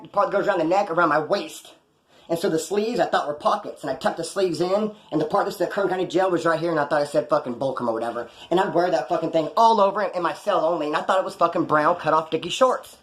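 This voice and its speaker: A man spins rough, rambling stories at a rapid clip, peppered with profanity. His voice sits a little high, and his tone stays wry and offhand. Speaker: vlogger recounting jail stories. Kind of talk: casual storytelling.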